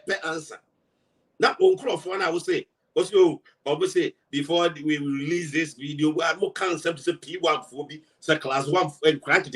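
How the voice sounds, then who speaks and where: A fired-up man with a Ghanaian accent delivers a political rebuttal and keeps throwing out rhetorical questions. His voice sits high and swings widely in pitch. He sounds set back from the microphone. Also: fairly bright tone, far from the mic. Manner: emphatic, mixes Twi and English, rhetorical questions. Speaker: political party member.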